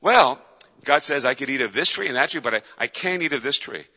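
A man's voice: low voice, quick pace, pushed and bright, voice pushed down. A man voicing a naive young woman earnestly repeating a rule, in a sermon retelling. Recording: dull lo-fi with long hall reverb.

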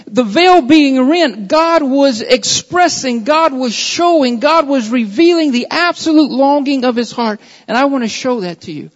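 A man's voice: very high voice, lively intonation, unhurried, few pauses. A man preaching a sermon with an emphatic, repetitive cadence, building his points through repeated phrases. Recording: dull audio with long hall reverb.

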